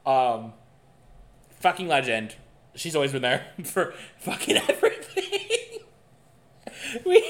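A young man co-hosting a podcast, telling a dating story in a casual, animated and profane way. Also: a little high. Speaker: podcast co-host. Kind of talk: casual chat.

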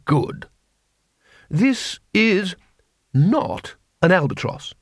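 A man's voice: high voice, big pitch swings, very slow, no echo, studio quality, voice pushed up, exaggerated voice. A man voicing a cool, cunning city ruler who speaks in precise, dryly ironic sentences.

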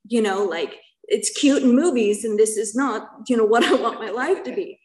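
A woman's voice: medium pitch, normal speed, darkish tone, rough recording. A middle-aged woman giving a personal testimony at a recovery meeting, earnest and conversational, often checking in with her listeners.

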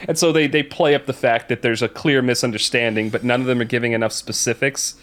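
A man's voice: medium pitch, fairly even intonation, fast, a bit bright. A man in casual chat, retelling a film's story in a rambling way with many fillers and restarts.

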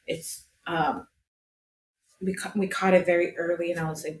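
A young Colombian woman, guesting on a podcast, candidly tells a personal story, swearing freely and acting out the voices of people she quotes. Her voice is fairly low with a steady tone and moderate pace. The room is echoey with faint ambience and a little hiss or hum.

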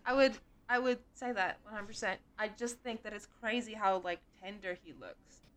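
A woman co-hosting a casual podcast, excitable and exclamatory, who swears freely. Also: medium pitch, moderate pace. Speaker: podcast co-host. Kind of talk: casual chat.

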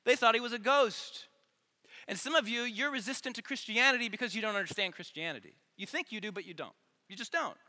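A man preaching an earnest, energetic youth sermon, repeating phrases for emphasis, in a large church hall. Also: sits high. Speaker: youth pastor. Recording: long hall reverb.

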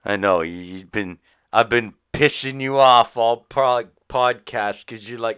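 A man hosting a podcast in profane, rambling casual chat, swinging between loud and quiet. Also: mid-range voice, a little slow, clean tone. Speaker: podcast host. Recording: phone-like lo-fi audio.

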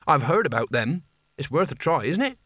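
A timid young man who apologizes as he goes, hesitant and hopeful, his voice pitched up, put on by a male reader. He has a dry, close audiobook sound. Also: very animated, moderate pace, a bit bright, slightly rough, dry recording, full character voice.

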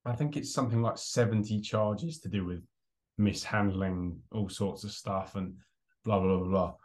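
A man's voice: on the low side, normal speed. A young man, co-hosting a casual podcast and telling a story with lots of laughs and acted-out quotes. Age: young adult. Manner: animated storyteller, laughs often, acts out quotes. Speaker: podcast co-host. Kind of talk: casual chat.

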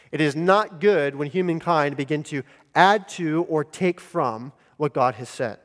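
Guy preaching, slightly high voice, emphatic and deliberate, long church-hall echo. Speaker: pastor. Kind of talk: sermon.

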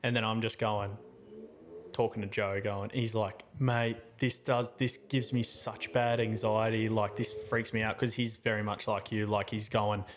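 A man's voice: lowish voice, a little slow. Man telling a story. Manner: animated, acts out both sides of the story with voices. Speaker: podcast co-host. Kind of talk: casual storytelling chat.

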